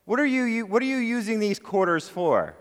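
A man voicing a patient mother who gently questions her son. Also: sits high, sing-song, fairly quick, voice pushed up. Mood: questioning. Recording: long reverb of a large hall.

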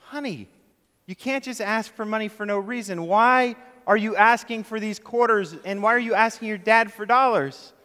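A man voicing a patient mother who gently questions her son. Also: high-pitched, normal speed, pitched above the performer's own voice. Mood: questioning. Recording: long reverb of a large hall.

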